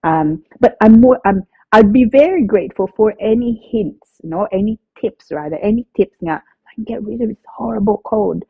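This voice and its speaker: A woman's voice: medium pitch, expressive, moderate pace, slightly rough, no room sound. A woman lawyer with a stuffy nose from a cold, co-hosting a live show, chatting casually, reading out viewer messages and often adding tag questions. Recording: dry, tinny phone-like line.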